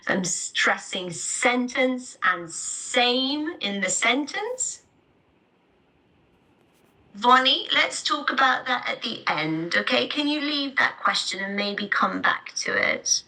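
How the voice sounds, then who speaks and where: Slow, bright-voiced woman teaching online. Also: fairly high pitch, big pitch swings, rough recording. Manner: clear, deliberate explanatory delivery. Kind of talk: live online teaching webinar.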